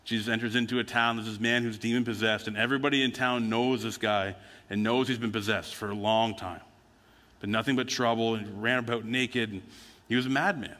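A man's voice: medium pitch, steady tone, brisk, a bit bright. A man preaching a sermon as a pastor, telling stories in a conversational way and acting out the quotes. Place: church sanctuary. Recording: church hall with long reverb.

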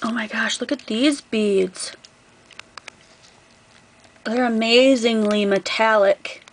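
A woman's voice: fairly high pitch, fairly even intonation, takes it slowly, a little hiss or hum, low-quality recording. A woman craft vlogger opening a gift package on camera, gushing over each item in a casual, effusive way. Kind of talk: casual unboxing vlog.

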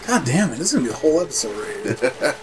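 A man's voice: on the high side, very animated, rapid-fire, background noise. A man hosting a let's play, chatting casually over gameplay, laughing often and poking fun at himself.

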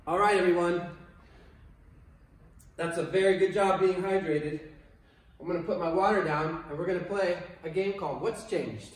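A man teaching kindergartners a PE class online, speaking slowly and clearly with playful encouragement. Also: high voice. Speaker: kindergarten PE coach. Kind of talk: online PE lesson for children. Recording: echoey room from far off.

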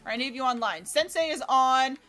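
Bright, high-voiced excitable American woman. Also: a little fast. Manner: excitable, swears freely, laughs often. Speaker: streamer. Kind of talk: casual livestream gameplay chat. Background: faint game music.

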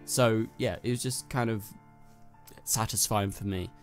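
A man's voice: fairly low pitch, a little slow, soft background music. Chatty man with a London accent. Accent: London English. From North London, England. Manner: chatty, rambling, frequent fillers. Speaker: TV review host. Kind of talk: casual spoken TV review.

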